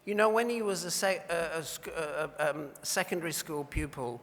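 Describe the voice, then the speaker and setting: Brief: bright, higher-pitched man presenting an award, anecdotal and wry, long hall reverb. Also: normal speed, a little hiss or hum. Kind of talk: after-dinner award speech. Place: large banquet hall.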